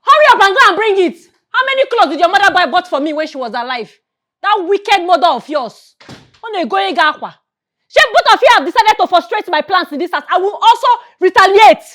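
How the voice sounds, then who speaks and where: Nollywood villain aunt, Nigerian accent, high and animated, spiteful,, light score behind. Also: female voice, a little fast, no echo, studio quality. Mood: scolding. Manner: scolding, mocking, switching into Igbo. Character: wicked scheming aunt, middle-aged woman.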